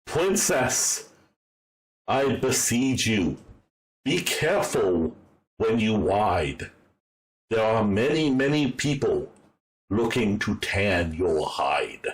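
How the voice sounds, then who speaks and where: An earnest village priest who gives solemn warnings in rhyming lines, as a man puts him on. The voice is low and very slow, with a lively rise and fall. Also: full character voice, poor audio.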